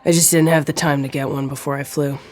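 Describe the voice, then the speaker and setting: A narrator doing a smooth scheming man. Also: medium pitch, level tone, fast, faint music behind, close to an everyday voice. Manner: smooth and persuasive. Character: smooth scheming man making a phone offer.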